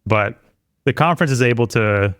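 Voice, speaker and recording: A man's voice: medium pitch, normal speed, fairly bright tone, clear, resonant tone, dry recording, studio quality. A man talking as a podcast guest in casual chat, rambling with many restarts and fillers.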